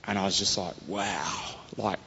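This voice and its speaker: A man's voice: sits low, steady tone, unhurried, bright, forceful tone, slight background noise. Man, rambling testimony, echoey hall, dull lo-fi mic. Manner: enthusiastic, rambling, frequent "you know" and "um". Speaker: interviewee sharing a faith testimony. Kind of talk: conversational storytelling.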